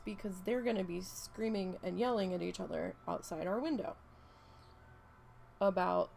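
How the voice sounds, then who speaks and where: A woman's voice: medium pitch, creaky, darkish tone, slight background noise. A woman, chatting casually and rambling through a story while she crafts, swearing freely. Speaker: craft vlogger.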